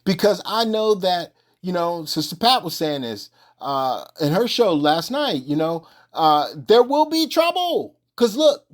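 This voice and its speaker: A religious teacher giving an informal sermon in colloquial speech, emphatic and repetitive, firing off rhetorical questions and restarting phrases. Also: mid-range voice.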